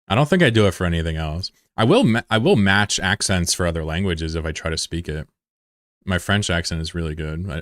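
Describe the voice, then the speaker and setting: A young American man talks loosely with viewers on a stream, rambling and swearing freely in casual chat. His voice is low-pitched, and the recording is studio quality with no echo.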